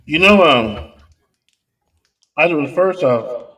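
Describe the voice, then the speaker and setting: A man's voice: on the high side, expressive, slow, pushed and bright. A man co-hosting a podcast, friendly and upbeat, repeating himself as he chats. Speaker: podcast co-host. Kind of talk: casual podcast chat. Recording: off-mic, distant voice.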